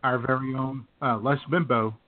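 A man's voice: medium pitch, fairly even intonation, normal speed. A man co-hosting a comedy show in easygoing, chuckling banter, on a tinny phone-like recording with faint noise. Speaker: radio comedy co-host.

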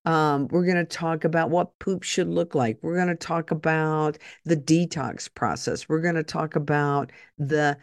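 A woman's voice: low-pitched, steady tone, measured pace, hardly any pauses, no room sound, studio quality. A woman hosting a podcast in a casual, chatty monologue with jokey asides. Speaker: podcast host.

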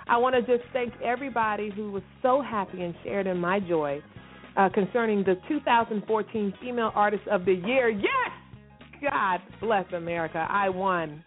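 Exuberant woman hosting a gospel radio show. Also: mid-range voice. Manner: warm, exuberant, gushing shout-outs with laughs. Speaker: radio show host and gospel recording artist. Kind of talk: casual radio show chat. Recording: tinny phone-like sound, faint music.

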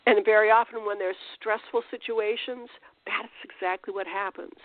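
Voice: mid-range voice, fairly even intonation, moderate pace, dry recording. A Christian teacher giving an informal spiritual talk, conversational, with restarts and rhetorical questions. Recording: tinny phone-like dry sound.

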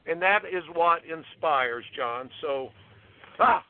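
A man's voice: on the high side, expressive, slow pace. A male tennis coach, a guest, talking with emphatic indignation and repeating himself as he makes his points. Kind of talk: impassioned interview talk. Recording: tinny phone line.

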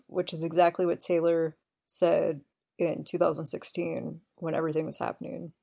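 A woman's voice: sits low, completely flat delivery, moderate pace, creaky, mellow. A woman hosting a podcast, eagerly recounting scenes in detail with open admiration. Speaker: podcast host. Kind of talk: casual chat.

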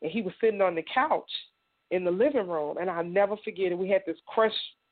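Woman telling her story over the phone. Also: on the low side. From Indiana, US. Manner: halting, frequent "you know" fillers. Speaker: interview guest. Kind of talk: personal testimony. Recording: tinny phone line.

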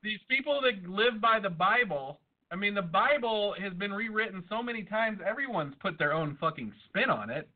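A man's voice: high voice, expressive, moderate pace, hardly any pauses. Profane joking man on a tinny line. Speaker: podcast host. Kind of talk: crude casual banter. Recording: tinny phone-like audio.

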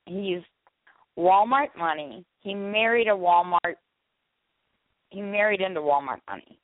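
A woman co-hosting an internet radio talk show, from the St. Louis area, reading announcements briskly and chatting casually. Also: mid-range voice, dry recording. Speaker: show co-host. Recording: tinny phone-line audio.

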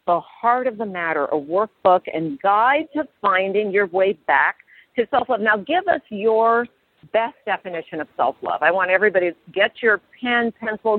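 A woman's voice: medium pitch, dry recording. Encouraging woman radio host, tinny and dry. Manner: encouraging, affirming interviewer. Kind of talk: radio interview. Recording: dry, phone-like narrow sound.

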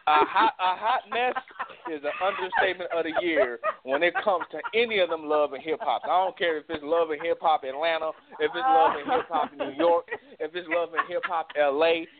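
Man co-host, emphatic and repetitive, slightly high voice, tinny recording. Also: a little fast, over a noisy crowd. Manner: emphatic, repeats himself to get the floor. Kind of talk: casual chat. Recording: tinny phone-like sound.

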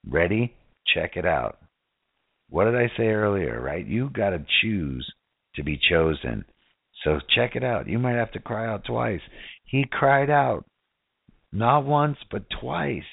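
A man's voice: lowish voice, gravelly, slightly rough, no echo. A man preaching a casual sermon who keeps asking his listeners rhetorical questions and "right?". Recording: tinny phone-like dry sound.

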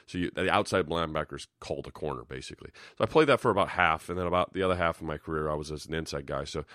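Deep-voiced former linebacker breaking down film. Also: male voice, rapid-fire, a bit bright, no room sound, studio quality. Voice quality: hoarse-sounding morning voice. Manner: rambling and conversational, with frequent restarts and 'you know'. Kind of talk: casual film breakdown commentary.

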